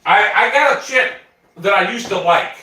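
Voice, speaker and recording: A man's voice: high voice, moderate pace, echoey room, a little hiss or hum. A man chatting casually on a livestream from his home kitchen into a phone, rambling and swearing as he snacks. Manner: rambling, profane, easily excited.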